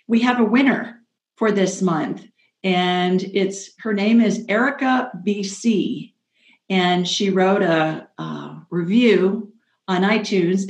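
Upbeat, chatty female call-in host in a roomy-sounding space. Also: mid-range voice. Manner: chatty, upbeat, self-joking. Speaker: radio show host and psychic. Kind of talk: casual call-in show chat. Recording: roomy echo.

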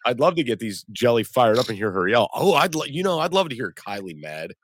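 A man's voice: mid-range voice, big pitch swings, fairly quick, dry recording. A man co-hosting a podcast, teasing and swearing casually in chat. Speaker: podcast co-host.

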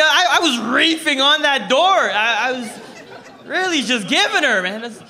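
A Canadian man doing a stand-up comedy routine in front of a live audience, telling stories in an animated way and acting out the dialogue. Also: very high-pitched, moderate pace, crowd noise.

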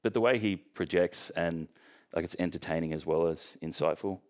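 A young Australian man chatting casually as a podcast guest, joking and relaxed, with lots of ums. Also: low voice, moderate pace. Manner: joking, relaxed storytelling with fillers. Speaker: guest, professional bodybuilder.

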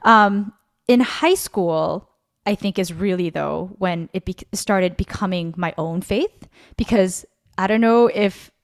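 A woman from Korea co-hosts a podcast, telling a personal story in a rambling, chatty way filled with fillers and self-corrections. Her mid-range voice moves at a slow pace, and the talk has a casual testimony feel.

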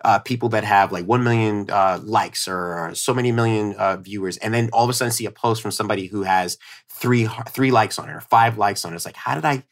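A man's voice: fairly low pitch, fairly quick. A man with a New York accent, a podcast guest talking casually about content strategy, rambling with many fillers and restarts. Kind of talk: casual chat.

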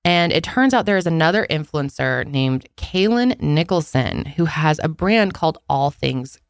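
A woman's voice: deep voice, expressive, normal speed, dry recording, studio quality. A young woman co-hosting a podcast, chatting casually and expressively and swearing now and then. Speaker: podcast co-host. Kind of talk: casual chat.

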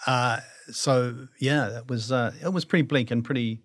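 A man's voice: medium pitch, steady tone, normal speed. A middle-aged man with a New Zealand accent, a guest actor reflecting in a casual interview and often restarting his sentences. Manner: reflective, self-deprecating, many restarts.

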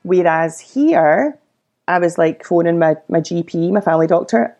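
Scottish woman, thirties, low gravelly voice, mellow tone, chatty storyteller. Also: animated, normal speed. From Scotland. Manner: chatty storyteller who acts out quoted voices. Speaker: podcast guest. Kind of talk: casual interview chat.

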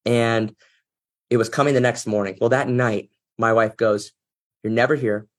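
A man's voice: mid-range voice, steady tone, moderate pace. A man guest on an interview show, earnestly telling a personal story in a reflective, heartfelt way. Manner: earnest, reflective, emotional at times. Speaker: podcast guest, business executive.

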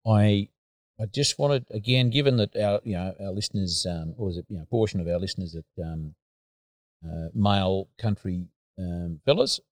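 A man hosts a casual podcast interview and feels his way through long, halting questions. His voice is very low. The sound is dry, with no room echo. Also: darkish tone. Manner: hesitant, halting questions with many fillers. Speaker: podcast host.

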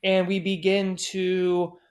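A man in his thirties, a podcast guest, telling a profane, animated anecdote and acting out the people in it. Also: high voice, slow. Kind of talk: casual anecdote storytelling.

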